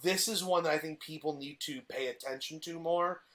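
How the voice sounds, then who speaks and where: A man's voice: fairly high pitch, fairly quick, a bit bright. A man in casual podcast chat, eagerly retelling a TV plot with frequent restarts. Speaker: podcast guest presenting a TV villain.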